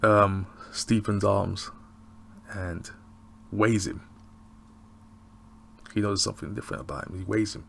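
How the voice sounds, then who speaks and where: A man's voice: lowish voice, steady tone, a little slow, gravelly, pauses often, slight background noise. A man chatting casually as he reviews a TV episode, slangy and rambling with frequent chuckles. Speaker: TV review vlogger.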